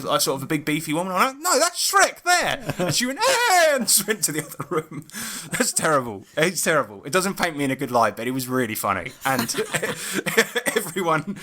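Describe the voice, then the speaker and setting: A man co-hosting a tabletop game podcast, chatting casually and telling stories with lots of laughter and swearing. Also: medium pitch. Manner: animated storyteller, swears freely, laughs often. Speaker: podcast co-host and game master. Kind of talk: casual chat.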